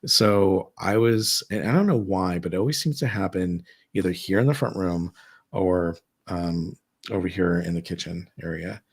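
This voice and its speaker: Low husky man telling ghost stories. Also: moderate pace. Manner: rambling, many fillers and restarts. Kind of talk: casual storytelling chat. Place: his own home, seated at dining table.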